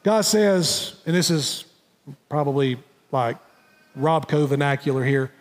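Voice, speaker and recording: A male pastor preaching a sermon, dropping to soft, low phrases and then rising loud and emphatic. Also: unhurried, long pauses. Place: church sanctuary. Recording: long hall reverb.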